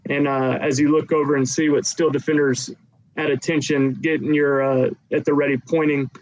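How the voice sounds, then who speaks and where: A man's voice: fairly high pitch, little pitch movement, normal speed, rough recording. A man narrating a tabletop game as game master, rambling with many fillers.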